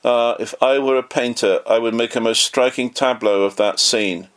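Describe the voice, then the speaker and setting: A man reading a memoir aloud in an earnest, measured way, lightly voicing the quoted lines. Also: mid-range voice, steady tone. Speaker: audiobook narrator.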